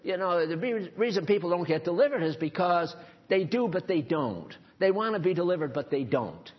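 A preacher with a fairly high, husky voice delivers a sermon emphatically and sternly, slipping into casual asides. He is very animated and speaks at a normal speed, while the recording sounds dull and lo-fi.

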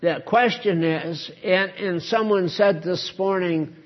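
A high, husky male voice delivers an unhurried Bible study sermon in an earnest, explaining way. He presses hard on key words. The recording is dull and lo-fi. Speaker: Bible teacher.

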